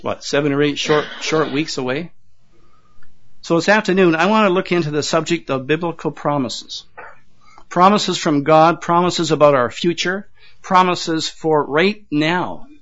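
An older man delivers a sermon to his congregation in a folksy, conversational manner. His voice sits a little high, and he repeats words and chuckles at his own asides. The recording sounds dull and lo-fi. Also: measured pace, fairly bright tone. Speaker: pastor.

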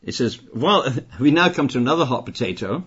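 Speaking a little fast with lively intonation, an older British preacher hammers his points home, repeating phrases and growing louder as the sermon builds. His middle-pitched voice is husky, a bit rough, and a bit bright. The audio is dull and lo-fi.

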